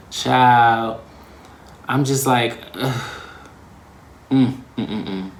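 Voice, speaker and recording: A man hosting his own vlog, talking in a casual, reflective way, slangy and expressive. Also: mid-range voice, very slow, reverberant, slight background noise. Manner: slangy and expressive, breaking into laughs. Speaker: vlog host.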